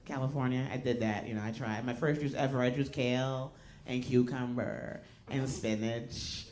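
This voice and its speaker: A woman's voice: a bass voice, steady tone, moderate pace, slight background noise. A woman performing a raunchy stand-up routine on a comedy club stage, with blunt, punchy delivery. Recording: club recording with loud audience laughter.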